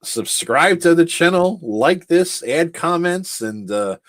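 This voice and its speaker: A man's voice: on the high side, lively intonation, takes it slowly, no echo, clean studio sound. A man co-hosting a livestream who chats easily and laughs often. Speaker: livestream co-host. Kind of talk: casual chat.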